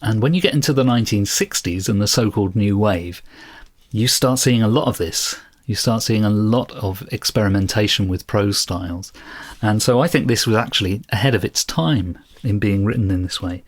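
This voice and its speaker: A man's voice: lowish voice, moderate pace. A man co-hosting a casual book podcast. He talks thoughtfully and at length, often poking fun at himself. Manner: thoughtful, self-deprecating, explains at length. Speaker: podcast co-host.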